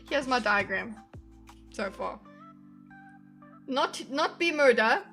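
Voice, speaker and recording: High bright-voiced woman streamer. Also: animated, drawn-out words, long pauses, soft background music. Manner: giggly, chatty, talks to her chat while drawing a diagram. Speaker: streamer reacting to videos. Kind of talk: casual reaction livestream chat.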